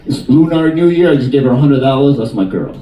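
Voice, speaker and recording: Animated stand-up comedian from Queens. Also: mid-range voice. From Queens, New York. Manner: animated storyteller, quick shifts into character voices. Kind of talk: stand-up comedy with crowd work. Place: cruise ship theater. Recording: echoey room, mic at a distance.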